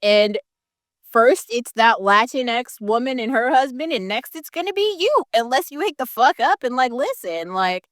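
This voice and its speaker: A woman's voice: fairly high pitch, lively intonation, moderate pace, fairly bright tone, dry recording, clean studio sound. A woman ranting casually to camera, swearing often, packing her talk with "like" fillers and laughing in bursts. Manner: profane, heated, heavy "like" fillers, laughs mid-sentence. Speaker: vlogger.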